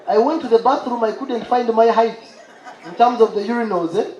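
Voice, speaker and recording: A man doing a lively stand-up set, telling a story and bursting into exclamations. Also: extremely high pitch, a little fast, lo-fi sound, crowd noise, noisy background. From Uganda. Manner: animated storyteller, exclaims and imitates laughter. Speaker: stand-up comedian. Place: live comedy show stage. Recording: roomy live venue with audience.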